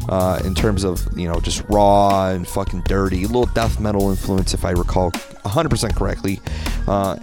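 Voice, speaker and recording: Rambling, swearing young podcast host. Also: male voice, lowish voice. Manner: rambling, swears often, many fillers. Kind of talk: casual podcast chat.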